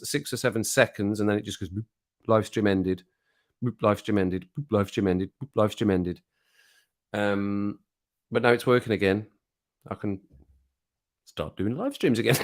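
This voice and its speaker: Black country guy rambling on his live stream, chatty, laughs a lot, middle pitch. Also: fairly bright tone. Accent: Black Country English. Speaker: livestream host. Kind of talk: casual livestream chat.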